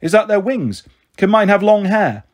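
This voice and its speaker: A man voicing a timid, eager young girl in a storybook reading, soft and hopeful. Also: high voice, sing-song, normal speed, pitched above the performer's own voice.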